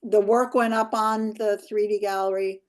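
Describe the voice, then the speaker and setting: A woman's voice: mid-range voice, little pitch movement, normal speed, darkish tone. A woman organizer chatting casually while wrapping up an online event on a video call.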